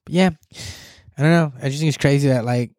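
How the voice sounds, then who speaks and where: A man's voice: mid-range voice, fast, a little mellow, no room sound, clean studio sound. A man chatting casually as a podcast co-host, rambling and crude with lots of slang. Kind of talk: casual chat.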